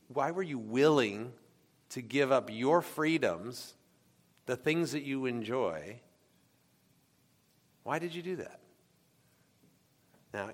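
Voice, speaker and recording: A man from the United States preaching a sermon in a conversational way, often asking the congregation questions. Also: mid-range voice. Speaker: pastor. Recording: long hall reverb.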